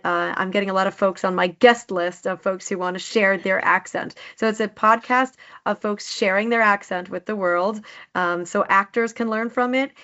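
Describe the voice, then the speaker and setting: A woman's voice: mid-range voice, a bit bright, dull audio. A woman speech coach talking enthusiastically in a casual interview, often restarting her sentences. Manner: enthusiastic, many restarts and fillers. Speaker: speech coach, podcast guest.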